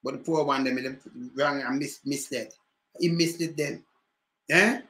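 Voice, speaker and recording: In a mid-range voice and an unhurried pace, a man with a Jamaican accent talks politics in patois. The space is reverberant, and his commentary turns into an animated rant built on repeated rhetorical questions.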